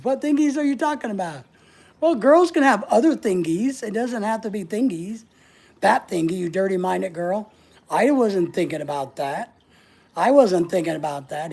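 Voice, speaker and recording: A woman's voice: mid-range voice, vocal fry, darkish tone, breathy edge. A woman hosting a casual livestream, answering viewer comments in a playful, teasing way and laughing often. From United States. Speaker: livestream host.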